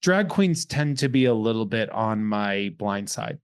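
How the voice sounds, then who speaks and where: A man from Massachusetts hosting a podcast, chatting casually and cracking quick jokes. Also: fairly low pitch, expressive, clean tone. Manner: joking, quick interjections. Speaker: podcast host. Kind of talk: casual chat.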